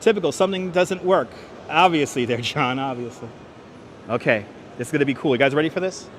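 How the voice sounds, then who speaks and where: A man's voice: on the high side, brisk, slight background noise. A man hosting a walking city livestream, upbeat, greeting viewers by name as he reads the chat, on a clip-on mic. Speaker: livestream host. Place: city streets and a large indoor station hall. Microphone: wireless clip-on mic.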